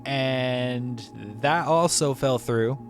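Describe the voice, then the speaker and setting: A man's voice: medium pitch, drawn-out words, soft background music. A man casually telling a story about his day at the movies, rambling with frequent restarts and self-corrections, laughing at himself. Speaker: movie reviewer.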